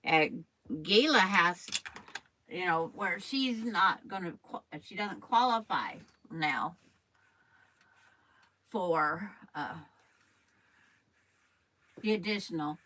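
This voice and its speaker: Older woman, quilting host; slow, rambling, chatty patter with a bright, lowish voice. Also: lively intonation, rough recording. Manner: rambling, chatty, addresses viewers by name. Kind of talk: casual chat while sewing on a live stream.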